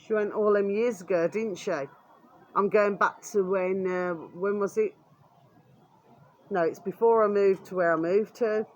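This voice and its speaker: British woman vlogging, angry rant, swears every other line, coarse and blunt. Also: mid-range voice. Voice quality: swears constantly, repeats "there we are" as a filler. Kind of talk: angry ranting vlog.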